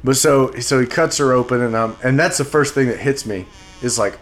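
A man in casual conversation, telling a story haltingly with many restarts and repeated words. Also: mid-range voice. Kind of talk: casual podcast chat.

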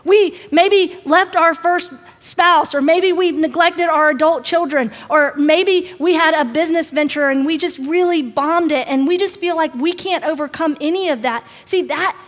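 A woman's voice: normal speed, hardly any pauses. A woman preaching a sermon in a conversational way, acting out the quotes she tells. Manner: conversational, acts out quotes with shifting pitch. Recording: long reverb of a large hall.

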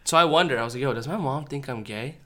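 A man co-hosting a casual podcast chat with friends, loud and joking in quick banter. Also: mid-range voice. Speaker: podcast co-host.

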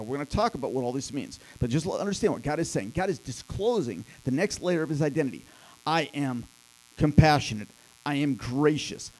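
A man leading a church teaching session, reading scripture deliberately and calling on group leaders, with some fillers. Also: a little high, darkish tone, poor audio. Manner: deliberate, reads scripture slowly, fillers when organizing. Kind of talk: sermon-style teaching.

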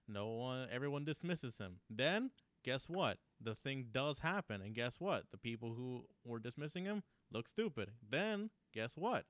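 A young man talking through a movie in loose, animated chat, tossing in "right?" every few lines. His voice is bright and smooth, recorded dry and close with no room sound. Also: mid-range voice, unhurried, no room sound. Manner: animated, riffing, many fillers and "right?". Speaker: co-host. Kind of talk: casual film review chat.

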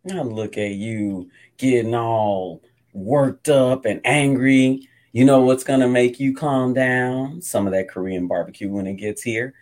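A man's voice: mid-range voice, steady tone, a little slow, darkish tone, voice pushed down, lightly acted. A man voicing a breezy wife who orders takeout instead of cooking, in an improvised comedy sketch, talking in a sing-song, deflecting way.

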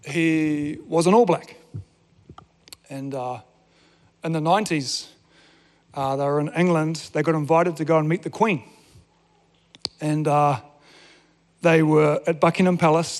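A man preaching a sermon, telling a story with stammered restarts and drawn-out dramatic pauses. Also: a little high, long reverb tail. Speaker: pastor.

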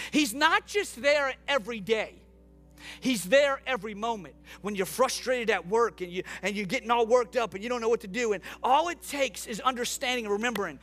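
High-voiced man preaching with passion. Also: pushed and bright. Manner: impassioned, repeats phrases for emphasis. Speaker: pastor. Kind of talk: sermon. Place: church room before congregation.

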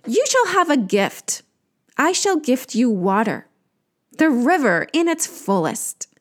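A high, strained moaning voice of an underworld queen goddess, as a woman storyteller puts her on. She groans each word slowly and drags out her sighs. It is a spoken myth for listeners. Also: sing-song, heavily acted. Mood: regal.

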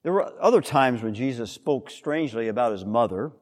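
Lively preacher in a reverberant hall. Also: male voice, mid-range voice, a little fast. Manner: expressive, explanatory, rhetorical questions. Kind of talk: sermon.

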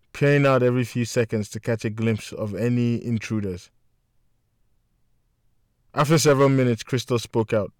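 A man reading an action novel aloud in a steady, measured storytelling voice. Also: mid-range voice, no room sound, studio quality. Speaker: audiobook narrator. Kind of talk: scripted narration.

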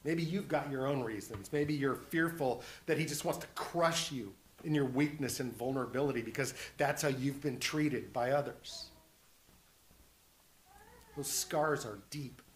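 A man delivers a sermon at an unhurried pace, speaking with earnest conviction. He builds to strong, emphatic repetition and slips in light, humorous asides. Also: mid-range voice, reverberant, a little hiss or hum. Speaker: preacher.

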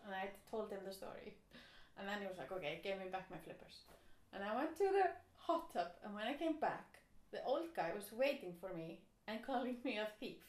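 A woman telling a rambling, animated story in casual chat, with plenty of fillers. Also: medium pitch, fairly quick. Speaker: storyteller guest. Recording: echoey room.

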